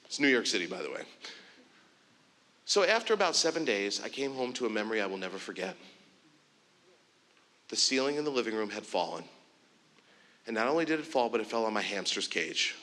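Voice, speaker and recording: A man giving a keynote speech, telling a story in an animated way and acting out the dialogue. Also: lowish voice, brisk, pauses often. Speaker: keynote speaker. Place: conference stage in a large hall. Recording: long hall reverb.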